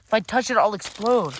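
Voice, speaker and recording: A woman on an outdoor adventure vlog, excitable and jokey, often squealing. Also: a little high, heavy background noise. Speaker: vlogger. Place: outdoors in a field.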